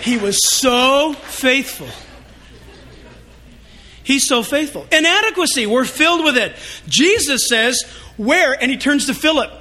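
A male pastor preaching a sermon in an animated, joking and confessional way. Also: very high-pitched, unhurried, long pauses, slight background noise.

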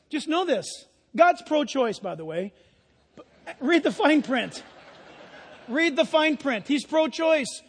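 High-voiced animated preacher man. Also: moderate pace. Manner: animated, swings from hushed to near-shouting. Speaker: pastor. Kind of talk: sermon. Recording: long hall reverb.

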